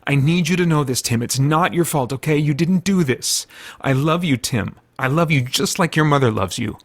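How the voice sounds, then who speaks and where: A man reading out the lines of a loving father reassuring his son, in an earnest, gentle manner. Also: a little high, normal speed, no room sound. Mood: tender.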